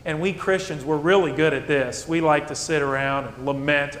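A man preaching a sermon as pastor, asking rhetorical questions and swinging between soft, low passages and emphatic peaks. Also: moderate pace, few pauses. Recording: echoey hall with faint rumble.

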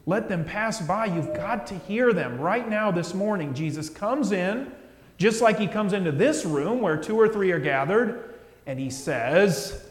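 A man preaching a sermon as pastor, talking directly and earnestly to the congregation and dropping to soft, hushed phrases for emphasis. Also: on the high side. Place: church sanctuary. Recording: echoey church with long reverb.

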